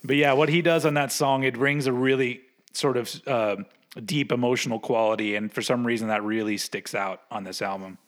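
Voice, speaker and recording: A man co-hosting a casual music review chat, relaxed and quick to laugh, stammering when excited. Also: medium pitch. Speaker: podcast co-host.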